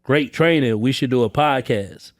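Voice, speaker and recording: Podcast guest, male, streetwise sales trainer, lively quotes, dry sound. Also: normal speed, no echo. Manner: animated, slangy, acts out quotes with high pitch jumps. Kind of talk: casual podcast storytelling. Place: indoor training space, live session.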